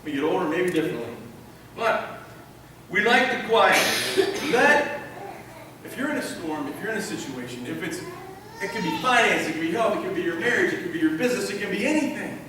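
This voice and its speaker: High, bright-voiced preacher in an echoey hall. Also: male voice, very animated, fairly quick, pauses often, far from the mic, noisy background. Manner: emphatic, repeats key phrases, asks the crowd questions. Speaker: pastor. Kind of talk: sermon.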